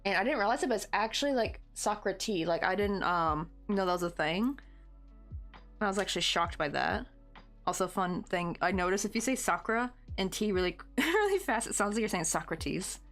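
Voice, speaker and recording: A woman's voice: medium pitch, lively intonation, fairly quick, fairly bright tone, faint music behind. A woman in her thirties hosting a crochet livestream, chatting casually in a rambling way with lots of fillers and easy laughs.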